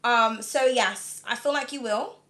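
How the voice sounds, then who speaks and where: A woman's voice: on the high side, measured pace, pushed and bright. A British woman with a slightly whiny voice, chatting loosely through a live tarot reading with lots of fillers and frequent laughs. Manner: chatty and rambling, full of "like" and "um", laughs often. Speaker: tarot reader.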